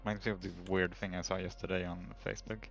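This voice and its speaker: A man on a development livestream speaking in a lowish, gravelly voice. He is laid-back and soft-spoken, and tells things with quiet amusement. Faint music plays under the talk. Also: flat delivery, quick pace, muffled recording. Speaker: co-host, game artist. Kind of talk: casual chat on a dev livestream.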